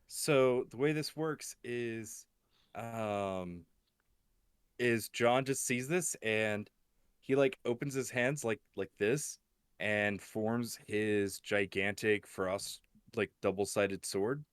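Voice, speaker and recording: Low-voiced, hesitant male player. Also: clean tone, no room sound, clean studio sound. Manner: hesitant, halting, many ums. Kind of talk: tabletop game play.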